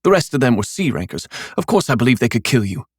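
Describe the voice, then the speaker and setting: A man's voice: medium pitch, big pitch swings, fast, slightly rough, dry recording, studio quality, voice pushed up. A man reading an audiobook, voicing a cold, bitter, scheming middle-aged mother who talks sullenly and sarcastically. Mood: resentful. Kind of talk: audiobook character voice.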